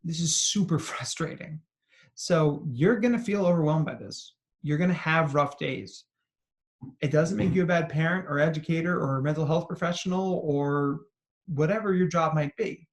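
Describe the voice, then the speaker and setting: A man, a psychologist, giving an animated talk to parents and educators, telling stories and asking questions. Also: on the high side, moderate pace. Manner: animated storytelling with acted quotes and asides. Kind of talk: expressive talk to an audience.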